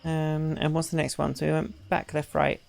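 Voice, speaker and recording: A woman's voice: low voice, level tone, moderate pace, vocal fry, a little mellow. A woman streaming a game, chatting casually and joking at her own expense while she plays. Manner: chatty, self-deprecating, talks to chat. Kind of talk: casual gameplay commentary.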